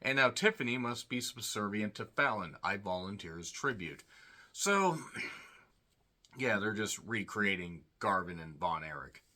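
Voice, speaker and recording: A man's voice: fairly low pitch, very animated, unhurried, sharp tone. A man giving a rambling, sarcastic solo review of a wrestling show, full of snarky asides. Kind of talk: casual solo review commentary.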